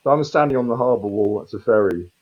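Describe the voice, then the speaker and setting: A man in his fifties, a street performer, telling a rambling, animated story and swearing freely. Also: fairly low pitch, quick pace, narrow, tinny audio. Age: 50s. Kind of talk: casual storytelling.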